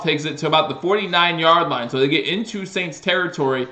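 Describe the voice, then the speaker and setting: Speaking briskly with few pauses, a live-stream host with a voice on the high side calls football plays casually in an echoey room. His commentary is full of fillers and restarts, and it builds with excitement on big plays.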